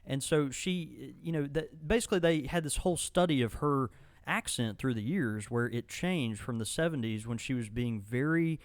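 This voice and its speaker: A man's voice: medium pitch, normal speed, dry recording. A man co-hosting a podcast in casual chat, rambling with many fillers and restarts. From Mississippi. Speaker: podcast co-host.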